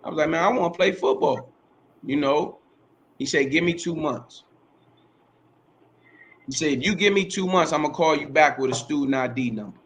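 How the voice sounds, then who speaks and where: A man's voice: fairly high pitch, normal speed, long pauses, a little hiss or hum. A middle-aged man, a podcast host, telling his life story in a casual interview, rambling, repeating himself and using slang and profanity.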